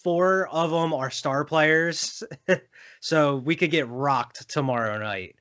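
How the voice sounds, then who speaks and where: A man's voice: fairly high pitch, slow, fairly bright tone, highs cut off. A young man co-hosting a sports podcast, talking loosely with lots of fillers and laughs. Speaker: podcast co-host. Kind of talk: casual sports chat.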